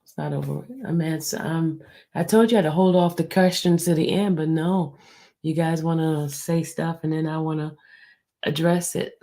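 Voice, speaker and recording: A woman hosting a livestream, speaking low and hushed, near a whisper, and answering her viewers in a blunt, defensive way. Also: steady tone, normal speed. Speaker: livestream host. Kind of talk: livestream talk answering the chat.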